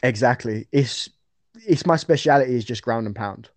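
A man's voice: mid-range voice, moderate pace, no room sound. Chatty young man, dry close sound. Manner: chatty, rambling with fillers and restarts. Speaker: interview guest, amateur fighter. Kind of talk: casual interview chat.

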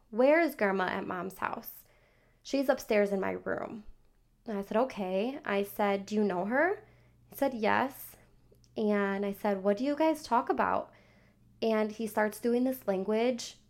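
A woman's voice: mid-range voice, vocal fry, a little mellow. A young woman, a podcast host, telling a personal story in a casual, chatty way, full of "like" fillers and quoted back-and-forth dialogue. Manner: chatty, many "like" fillers, acts out child's replies.

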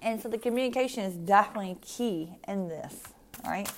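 Gravelly-voiced woman hosting a tarot podcast. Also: medium pitch, fairly quick, a little hiss or hum. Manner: warm, emphatic, repeats "right?" and "okay?". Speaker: podcast host giving tarot card readings. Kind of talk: casual spiritual podcast monologue.

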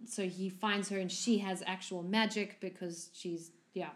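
A young woman chatting casually, telling a story with lively asides and playful quoted voices. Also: medium pitch, unhurried. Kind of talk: casual chat.

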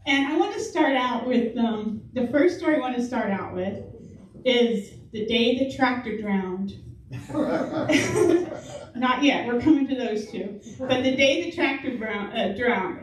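A woman's voice: fairly high pitch, lively intonation, takes it slowly, slight background noise. A middle-aged woman giving a chatty storytelling sermon at church, laughing often as she talks. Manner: chatty, laughs often while telling stories. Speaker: speaker at a church service. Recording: echoey church hall from a distant mic.

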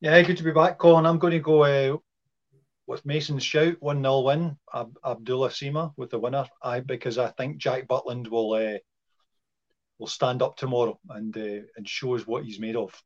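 A man's voice: mid-range voice, fairly even intonation, normal speed, lo-fi sound. A Scottish man, a podcast guest, arguing his point with passion and repeating words as he builds it. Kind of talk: casual football podcast chat.

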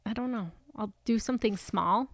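A woman in her thirties co-hosting a podcast, chatting in an animated way. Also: mid-range voice, moderate pace, dry recording. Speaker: podcast co-host. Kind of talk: casual chat.

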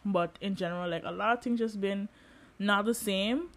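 A young woman in her twenties hosting a podcast, talking candidly in a personal monologue, with lots of fillers and animated emphasis. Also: medium pitch, normal speed. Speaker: podcast host.

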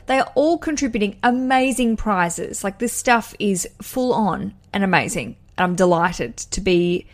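A woman's voice: mid-range voice, animated, unhurried, few pauses. A young Australian woman hosting a wedding podcast, giving a listener chatty, enthusiastic advice with rambling asides. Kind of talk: casual advice chat.

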